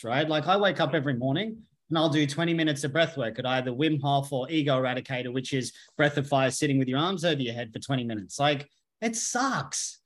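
A man speaking in a somewhat high voice, blunt and emphatic. He swears freely and drives his points home in a loose podcast conversation. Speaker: podcast guest, healer. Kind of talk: casual conversation.

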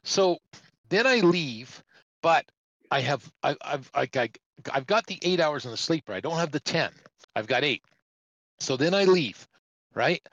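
A man's voice: on the high side, animated, measured pace, long pauses, a bit bright, no echo, dull audio. A middle-aged man, a truck driver, telling a rambling story in a casual way and acting out the other people's voices. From Canada.

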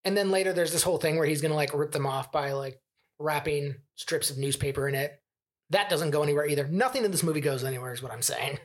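A man's voice: fairly high pitch, quick pace. A man co-hosting a podcast, critiquing a film in casual, rambling chat that is full of "like.". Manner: chatty, rambling, lots of "like" fillers. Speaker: podcast co-host.

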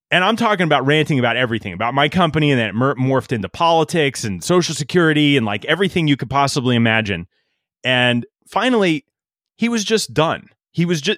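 Animated storytelling man, dry sound. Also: on the high side, no room sound. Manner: animated anecdote-teller, laughs often, quotes himself. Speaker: podcast guest. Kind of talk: casual storytelling.

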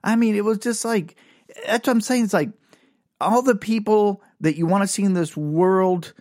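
A man's voice: high voice, moderate pace, darkish tone, no echo, clean studio sound. A man telling rambling, profane, self-mocking comic stories live as a podcast host.

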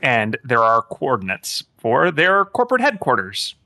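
A man voicing a low-level automated phone assistant with prim, scripted phrasing. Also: huge pitch swings, unhurried, sharp tone, dry recording, studio quality, full character voice.

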